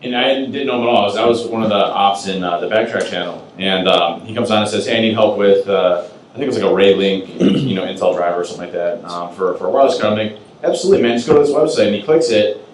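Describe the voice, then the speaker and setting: A man telling a story as a guest on a live podcast, rambling quickly with fillers. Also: on the low side. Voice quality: rapid, rambling delivery. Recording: echoey room, mic at distance, noisy.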